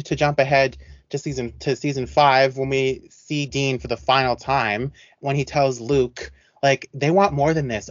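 A man co-hosting a podcast in casual chat, talking in an animated, rambling way with many restarts. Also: fairly high pitch, no room sound, muffled recording. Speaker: podcast co-host.

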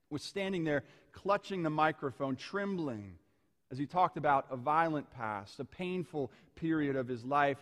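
Male preacher, slightly high voice, measured storytelling sermon, long hall reverb. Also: a bit bright. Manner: measured, storytelling, slowing on key phrases.

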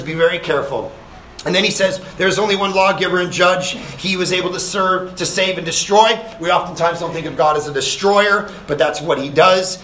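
Animated preaching man in an echoey room. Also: fairly high pitch, a little hiss or hum. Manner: animated preaching, punching lines with rising volume; conversational asides to young listeners. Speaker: pastor. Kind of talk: sermon. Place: summer camp session.

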